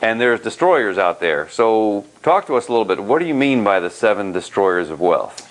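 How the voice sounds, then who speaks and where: Low-voiced male interviewer. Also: sing-song, normal speed, poor audio. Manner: prompting, rephrases the guest's points as questions. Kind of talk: interview questions.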